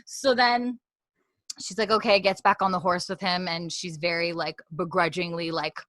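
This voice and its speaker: A woman co-hosting a podcast, recapping a TV episode in casual chat and acting out the characters' lines in quick put-on voices. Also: fairly low pitch, steady tone, fairly bright tone, no room sound. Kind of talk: casual chat, animated retelling.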